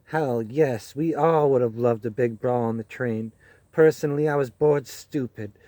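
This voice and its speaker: Brief: a man playing a jaded male reporter, gruff and matter-of-fact, mellow timbre, dry recording. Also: medium pitch, moderate pace, no echo, natural voice. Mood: gossiping. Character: weary, cynical male campaign reporter.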